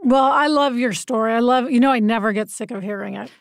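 A woman co-hosting a casual podcast, her voice scratchy and a little weak. She sits slightly high in pitch and agrees eagerly. The sound is close and dry. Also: fast, gravelly, dry recording. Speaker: podcast co-host.

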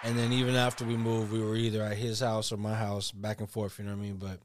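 A man's voice: lowish voice, little pitch movement, fast talker, dry recording, studio quality. A man co-hosting a casual podcast, telling a story in a laid-back way with a lot of slang and swearing. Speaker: podcast co-host. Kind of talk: casual chat.

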